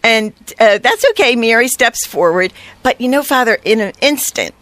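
A woman guest telling heartfelt stories in an earnest, halting conversational way, with frequent fillers. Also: on the high side, expressive, a bit bright, no room sound.

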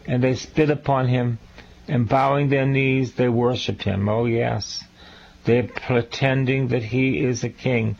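A slow, deliberate male priest reads scripture and breaks in with earnest commentary, repeating his points and putting questions straight to the listener. His voice sits at an ordinary middle pitch, and the recording sounds somewhat dull and lo-fi. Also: gravelly, a little mellow, a little hiss or hum. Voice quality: earnest, repeats key lines for emphasis. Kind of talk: Bible teaching, reading scripture with commentary.

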